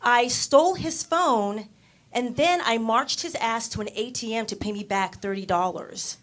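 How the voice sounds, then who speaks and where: A young woman performing a stand-up comedy set on a club stage, landing her punchlines deadpan and putting on voices for the people she quotes. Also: fairly high pitch, measured pace.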